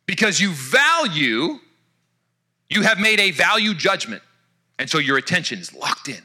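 A man preaching a sermon, telling an illustration with animated energy and dropping to soft, hushed tones for emphasis. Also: high voice, normal speed. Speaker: pastor.

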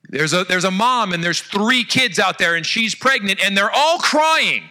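A man preaching a sermon, telling an illustration with animated energy and dropping to soft, hushed tones for emphasis. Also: high voice. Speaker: pastor.

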